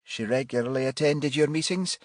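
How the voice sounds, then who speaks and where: A man voicing a young female detective with a blunt, wry manner in a raised pitch. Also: fairly quick, dry recording, studio quality, natural voice. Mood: wry, businesslike.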